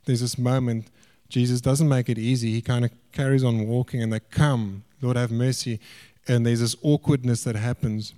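A man preaching a sermon in a lively, animated way. He lifts his voice high and loud for emphasis, then drops to hushed, low asides. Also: moderate pace.

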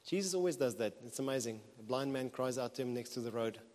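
Male preacher, earnest and chatty, mid-pitched, long church reverb. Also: fast talker. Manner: earnest, conversational preaching with animated emphasis. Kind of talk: sermon. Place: church hall. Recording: reverberant hall.

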